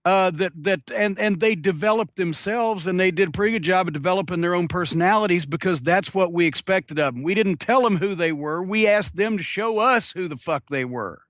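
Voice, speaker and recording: Man, podcast host, talkative, fairly high voice, dry close sound. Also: a bit bright, dry recording. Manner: quick, talkative, follows up eagerly. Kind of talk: casual interview chat.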